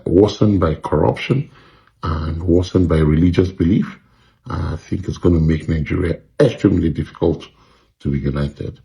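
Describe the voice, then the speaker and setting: A man with a very low, gravelly voice that has a dark, mellow tone. He talks through his opinion calmly, reflective and measured, with frequent pauses and fillers. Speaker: commentator sharing opinion. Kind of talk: casual spoken opinion.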